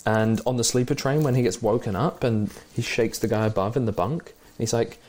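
A man's voice: medium pitch, brisk, few pauses, darkish tone. A man chatting casually and enthusiastically about the small details he loved in a film. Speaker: podcast co-host.

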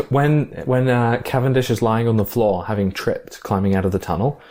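A man's voice: medium pitch, steady tone, normal speed, darkish tone. A man co-hosting a casual film discussion podcast, talking with enthusiasm and thinking aloud with fillers and restarts.

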